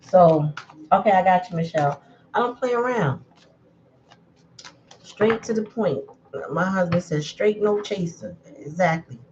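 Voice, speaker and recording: A woman's voice: on the low side, animated, measured pace, long pauses, a little mellow, dull audio, slight background noise. A woman giving a casual livestream tarot reading, chatty and blunt in a straight-to-the-point way. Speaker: tarot reader.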